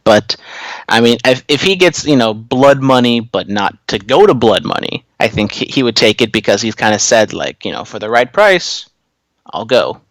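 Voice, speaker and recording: A man's voice: medium pitch, normal speed, a bit bright, dry recording, rough recording. Loose, rambling podcast co-host man. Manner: loose, tangent-prone, lots of fillers. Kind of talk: casual podcast chat.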